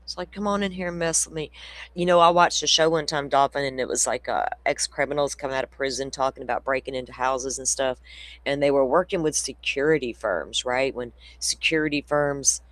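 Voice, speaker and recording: A man's voice: medium pitch, a little fast, a bit bright, dry recording. A man hosting a casual true crime livestream, rambling through stories, laughing often and swearing freely. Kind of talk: casual chat with viewers.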